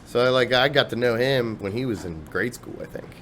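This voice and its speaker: Animated, cursing male storyteller. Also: mid-range voice, moderate pace, a little hiss or hum. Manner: animated storyteller who swears freely. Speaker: podcast guest, musician and singer. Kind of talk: casual podcast chat.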